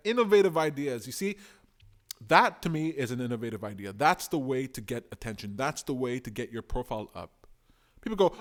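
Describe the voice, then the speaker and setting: A man hosting a live stream, giving opinionated, animated commentary and reading out viewer comments. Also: a little high, brisk. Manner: opinionated, animated, talks to chat.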